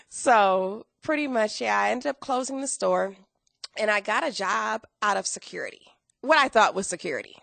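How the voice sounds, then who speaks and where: A woman in her thirties, a guest telling her story in a casual interview, animated and acting out quoted dialogue. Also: medium pitch, moderate pace, gravelly, no echo.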